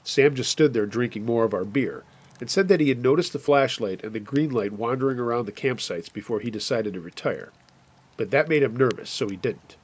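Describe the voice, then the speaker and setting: A man retelling a true scary camping story in a steady, plainspoken way. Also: mid-range voice, fairly quick, husky. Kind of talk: narrated first-person scary story.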